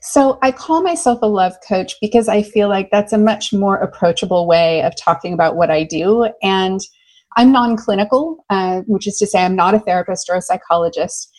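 Middle-aged American woman, love coach; lively, enthusiastic talker, mid-pitched. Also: normal speed, poor audio. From United States. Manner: enthusiastic, animated storyteller. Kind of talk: conversational interview.

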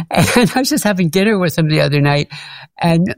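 A man's voice: high-pitched, animated, moderate pace, no echo, clean studio sound. An older man, a former music teacher, telling stories in an interview and laughing often. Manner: warm storytelling, laughs often. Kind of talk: reflective interview.

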